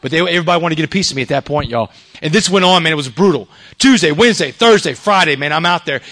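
Fast-talking Texan storyteller, high voice. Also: male voice, lively intonation, bright, forceful tone. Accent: Southern US (Texas). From Texas, USA. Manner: emphatic, peppers lines with "man" and "y'all". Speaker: speaker telling his life story. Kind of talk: animated storytelling to an audience.

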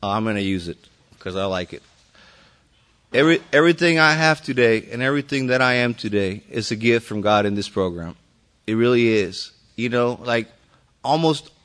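A man's voice: medium pitch, a bit bright. A man speaking at a recovery meeting, telling his own story to the group in a loose, rambling way with many fillers and restarts and some mild swearing.

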